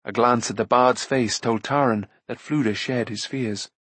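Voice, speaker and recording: A man with a husky voice narrating a fantasy novel in expressive, measured storytelling. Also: medium pitch, no room sound. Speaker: audiobook narrator.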